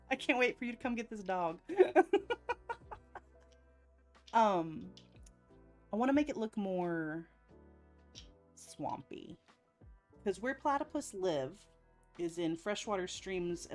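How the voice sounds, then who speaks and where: A woman hosting a casual live stream, chatting to her viewers and laughing often. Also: mid-range voice. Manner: giggly, breaks into laughter often; chatty, talks straight to viewers. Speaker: live-stream host painting nails.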